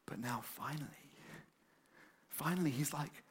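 A man preaching a sermon, animated and conversational, with many fillers and repeated words. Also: mid-range voice, normal speed. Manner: animated, acts out excited quotes.

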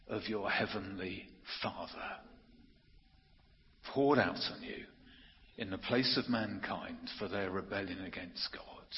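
A man preaching an earnest, emphatic sermon, slowing down to stress key phrases. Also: on the low side. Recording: muffled audio with long hall reverb.

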